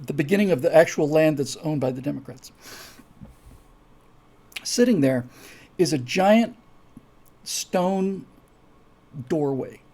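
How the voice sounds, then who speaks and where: A man's voice: on the high side, mellow. A man hosting a live stream, talking casually and rambling with many restarts and asides. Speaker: host.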